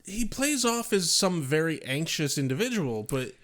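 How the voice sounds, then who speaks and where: A man's voice: fairly high pitch, sing-song, normal speed, fairly bright tone. A young man co-hosting a casual chat, swearing freely and firing off exasperated rhetorical questions. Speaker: podcast co-host.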